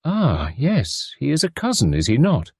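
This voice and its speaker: A man voicing a fastidious middle-aged detective who speaks formally, methodically and courteously. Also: medium pitch, wildly swooping pitch, breathy edge, dry recording, clean studio sound, pitched above the performer's own voice, heavily acted. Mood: measured.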